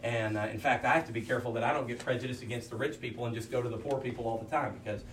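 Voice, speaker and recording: A man's voice: mid-range voice, fairly even intonation, racing. A man, a pastor, preaching in a folksy, anecdotal way with many asides. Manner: folksy storyteller, many "I mean" asides, acts out quotes. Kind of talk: anecdotal preaching to fellow ministers. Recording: roomy sound from a distance with faint hum.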